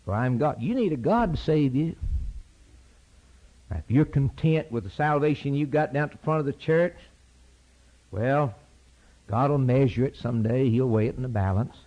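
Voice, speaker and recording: Preacher guy giving a sermon, goes loud and high then drops way low, repeats lines in rhythm, muffled lo-fi tape. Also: normal speed, pauses often. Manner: impassioned, rising to shouted peaks then dropping low; repetitive, rhythmic preaching cadence.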